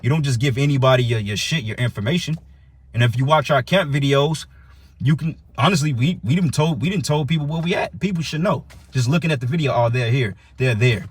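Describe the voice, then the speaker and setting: Guy with a husky voice ranting and preaching, cussing, reading scripture out loud. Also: mid-range voice, a little fast. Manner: profane and confrontational, reads and explains scripture. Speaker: teacher of a religious camp. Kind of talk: heated preaching rant.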